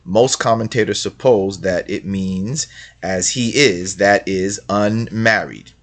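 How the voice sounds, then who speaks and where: A man with a low voice speaks slowly while hosting casual religious commentary over a screen share. He reads passages aloud and hammers his points home with rhetorical questions.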